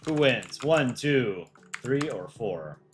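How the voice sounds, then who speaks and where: A man's voice: medium pitch, lively intonation, takes it slowly, slight background noise. A man hosting a casual livestream, reading out fan art entries and reacting with light jokes.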